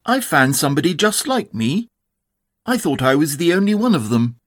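Man reader voicing a cheerful storybook tiger, high, bouncy, boastful, dry recording. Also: sing-song, normal speed, no room sound. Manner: eager, boastful, high-spirited. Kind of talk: storybook reading.

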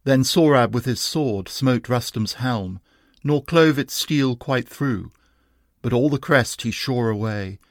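A man reciting a narrative poem in a slow, measured, steady manner. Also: medium pitch, no echo, clean studio sound. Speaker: reader. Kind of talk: narrative poetry reading.

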